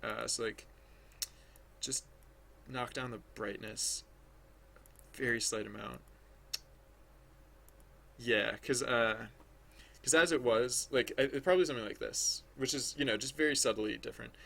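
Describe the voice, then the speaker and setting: A man's voice: medium pitch, measured pace, creaky, long pauses, bright, forceful tone. A man thinking aloud as he draws on a livestream, rambling and hesitant, full of restarts, chatting with viewers. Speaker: livestreaming digital artist.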